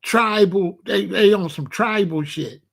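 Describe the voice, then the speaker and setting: A man's voice: sits high, a little slow, creaky. A man from Chicago hosting a blunt, profane commentary rant. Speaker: host.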